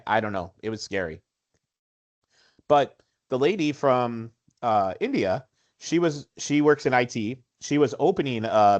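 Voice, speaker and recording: A man in his forties, a podcast co-host, telling a story in casual chat with animated, self-mocking humor. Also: mid-range voice. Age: 40s.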